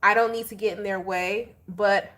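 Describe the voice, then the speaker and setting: Chatty, animated woman tarot reader. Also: medium pitch, normal speed. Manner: chatty, animated and slangy, laughing often. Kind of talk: casual tarot reading to viewers.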